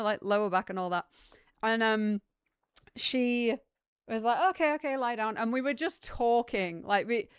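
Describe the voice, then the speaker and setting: A woman's voice: mid-range voice, a bit bright, smooth, dry recording, studio quality. A young woman streamer chatting casually with her live chat and telling rambling stories full of fillers.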